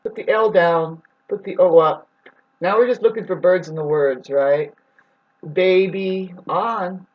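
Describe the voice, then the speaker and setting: A woman's voice: lowish voice, unhurried. Female vlogger, loose rambling delivery, casual swearing, pet name for viewers, muffled lo-fi recording. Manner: rambling, swears, calls listeners "babes". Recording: dull lo-fi recording.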